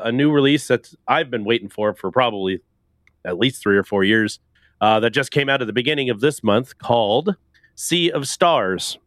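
Male podcast host, casual rambler, mid pitch, dry close mic. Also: a bit bright, no echo. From Canada. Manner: loose, rambling, laughs often.

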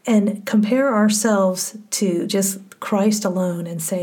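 A woman co-hosting a casual faith podcast, speaking in a heartfelt, soft way that often drops close to a whisper. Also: medium pitch, takes it slowly, few pauses, slightly rough. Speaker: podcast co-host.

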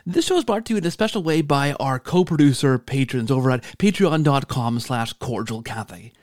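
A man hosting a podcast, hoarse and scratchy from allergies, gushing with enthusiastic praise as he wraps up an interview and signs off. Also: medium pitch, expressive, fairly quick, a little mellow. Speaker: podcast host. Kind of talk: casual interview wrap-up and sign-off. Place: home in Canada.

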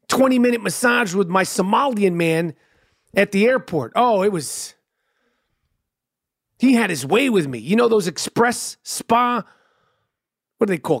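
Profane high-voiced comedian rambling. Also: male voice, vocal fry, dry recording, clean studio sound. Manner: profane, loose storytelling with frequent fillers. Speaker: podcast host and stand-up comedian. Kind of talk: casual rambling monologue.

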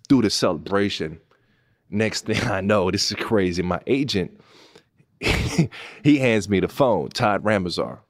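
A Southern California man in his thirties, hosting a podcast, tells a personal story as a monologue. His delivery is animated and emphatic, climbing high in moments of excitement and going soft when emotion takes over.

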